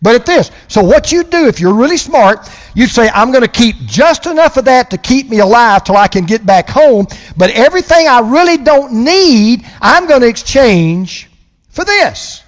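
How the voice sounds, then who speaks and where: Emphatic older preacher in a reverberant hall. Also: male voice, very high-pitched, big pitch swings. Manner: emphatic preaching, slowing down to stress key lines. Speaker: pastor. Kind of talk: sermon.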